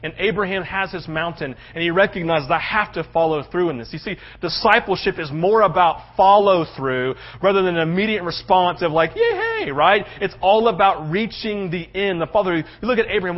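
Animated male preacher, muffled lo-fi recording. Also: sits high, brisk, hardly any pauses. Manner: animated storytelling, acting out voices. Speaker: pastor. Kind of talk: sermon. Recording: muffled lo-fi sound.

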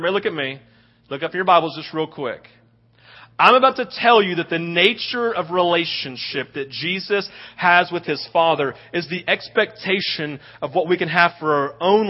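A man preaching a sermon as a pastor, animated and acting out little scenes in quoted voices. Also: on the high side. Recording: dull lo-fi audio.

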